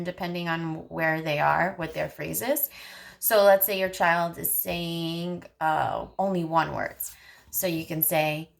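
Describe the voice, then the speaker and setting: A woman's voice: fairly low pitch, unhurried, vocal fry. A woman speech therapist coaching parents, patiently modeling short phrases in a sing-song voice. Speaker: speech-language pathologist.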